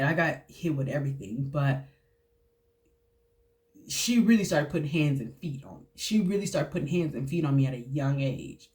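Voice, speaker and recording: A woman, telling her own story in a candid, halting way with many fillers and restarts. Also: deep voice. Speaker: host. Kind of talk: personal storytelling to camera.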